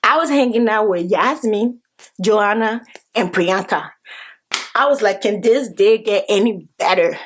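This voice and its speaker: A woman vlogger telling a story in an excitable, animated way, repeating phrases and swearing now and then. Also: mid-range voice, unhurried. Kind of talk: casual vlog storytelling.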